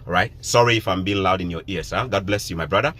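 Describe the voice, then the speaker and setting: A man's voice: deep voice, fast talker, a bit bright. A man from Ghana with a Ghanaian accent, talking to his viewers in a casual live stream, emphatic and preachy, repeating his points. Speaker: vlogger.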